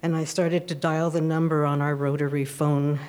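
A woman's voice: deep voice, normal speed. Woman telling a personal story, laughing. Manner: animated, breaks into laughter.

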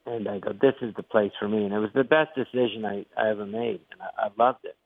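An older man, a comedian being interviewed, telling stories in an animated way and acting out the voices he quotes. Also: on the low side, quick pace, no echo. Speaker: guest comedian. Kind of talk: interview storytelling. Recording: tinny phone-like line, dry.

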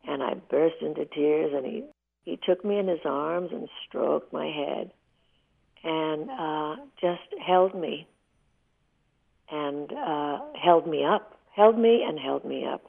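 An older woman in her eighties tells emotional stories vividly in a candid interview. Her voice sits low and has a gravelly edge. It comes through a thin, tinny phone line. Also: takes it slowly. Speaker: interview guest.

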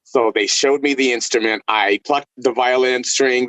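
Animated storytelling man, dry sound. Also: medium pitch, fairly quick, few pauses, no echo, highs cut off. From El Paso, Texas. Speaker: violinist guest. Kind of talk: casual interview storytelling.

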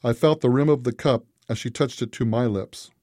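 Dark-voiced man narrating a story. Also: mid-range voice, brisk, no echo, studio quality. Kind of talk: scripted narration.

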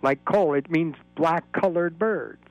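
A man's voice: on the high side, slow, dry recording, lo-fi sound, faint music behind. Rambling male radio caller on a humming line. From Florida. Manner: rambling, lecturing. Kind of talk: call-in radio chat.

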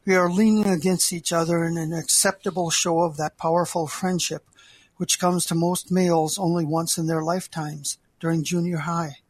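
An older man, an author, reading his memoir aloud in a measured, heartfelt way. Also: on the high side, slightly rough, dry recording.

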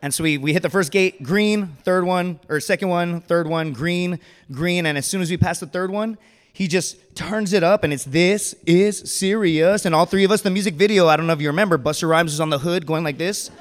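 Animated male storyteller on a live stage; casual, lifts his voice for the other people, hall echo. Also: high voice, a little fast. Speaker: storyteller, former Marine.

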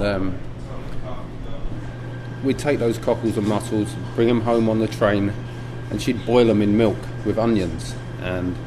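A middle-aged man from England, a butcher shop owner talking in a documentary interview, relaxed and reflective with many ums and restarts. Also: fairly low pitch. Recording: air conditioning hum behind.

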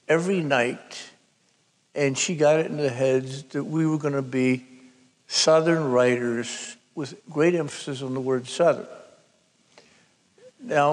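Slow, gravelly older man with hall echo. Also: medium pitch. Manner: slow, wry storytelling with self-deprecating humor. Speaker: novelist guest. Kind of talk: public conversation storytelling. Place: live event before an audience. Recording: hall reverb from a live event.

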